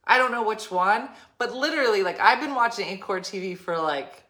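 A woman's voice: mid-range voice, animated, fairly quick, a bit bright. A woman hosting a casual live stream from home, chatting in a rambling way with lots of fillers. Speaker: livestream host.

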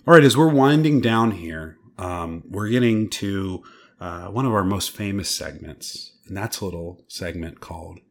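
Deep-voiced rambling male podcast host. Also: normal speed. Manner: rambling, enthusiastic, with many fillers. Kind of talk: casual chat.

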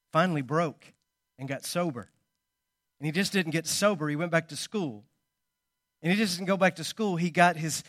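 A man preaching a sermon, telling stories and swinging between loud emphasis and quiet asides. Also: fairly high pitch, dry recording, studio quality. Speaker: pastor.

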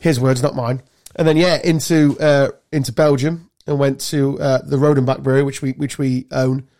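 A man from England co-hosting a podcast, telling animated, sweary travel stories in casual chat. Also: fairly high pitch, brisk, hardly any pauses. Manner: swearing storyteller, animated anecdotes. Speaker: podcast co-host.

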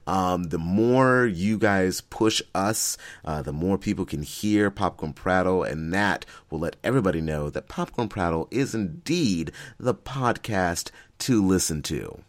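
A man co-hosting a film podcast, telling a lively story and laughing often in casual chat. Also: low-pitched, a little slow, few pauses. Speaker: podcast co-host.

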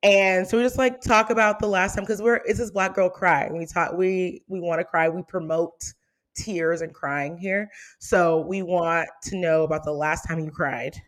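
Animated, laughing young woman podcast host. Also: on the low side, moderate pace. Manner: animated, laughs often, playful teasing. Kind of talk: casual chat.

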